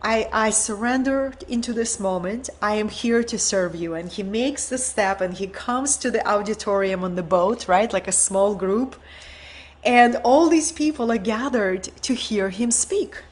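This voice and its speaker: Woman host of an online course, slow and inspirational, with a high voice and frequent rhetorical check-ins. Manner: earnest, inspirational, often checks in with rhetorical "right?". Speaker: host and teacher of an online event. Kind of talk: storytelling talk in an online teaching session.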